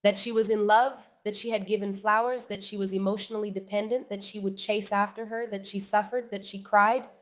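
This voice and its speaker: A woman casually telling a personal story to her viewers, chatty and animated, often turning to address them directly. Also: medium pitch, a little fast, few pauses.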